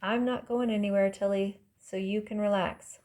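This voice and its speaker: A man's voice: high voice, fairly even intonation, moderate pace, darkish tone, close to an everyday voice. A woman voicing a trapped young man with dry, wisecracking humor. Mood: wry. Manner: dry, joking under strain.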